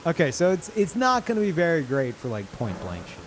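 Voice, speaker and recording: Incredulous swearing male streamer, lively pitch. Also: fairly quick, a little hiss or hum. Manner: swearing, incredulous, jumps between loud outbursts and low mutters. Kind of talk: live gameplay commentary.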